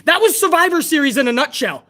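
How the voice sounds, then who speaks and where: A woman's voice: high-pitched, very animated, fast talker, fairly bright tone. A woman hosting a live wrestling review stream, ranting bluntly and heatedly with plenty of profanity. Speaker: wrestling show host.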